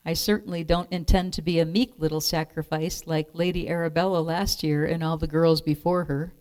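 A feisty young noble maiden who relishes a fight, as a woman reads her out. She speaks briskly and spiritedly, a storybook heroine with a slightly low voice. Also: fairly even intonation, darkish tone, clear, resonant tone, natural voice.

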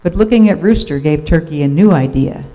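A storyteller reads a children's picture book aloud, playful and expressive. The voice is mellow and soft-toned, with moderate pitch. Lines rise and fall for effect. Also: a little fast, rough recording.

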